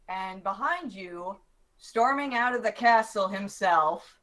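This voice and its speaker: Brief: woman game master, bright and animated, narrating a tabletop game. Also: mid-range voice, a little hiss or hum, poor audio. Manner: lively, acts out townsfolk in quick bursts.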